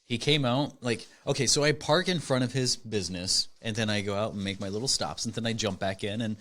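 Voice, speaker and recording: A man's voice: on the low side, fairly quick, a bit bright. A man co-hosting a casual podcast, telling a rambling story full of filler words. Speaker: podcast co-host.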